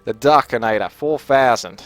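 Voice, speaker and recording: A man's voice: medium pitch, moderate pace, faint music behind. Chatty man commentating a strategy game. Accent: Australian. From Australia. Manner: chatty, jokey, thinking aloud while playing. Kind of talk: casual gameplay commentary.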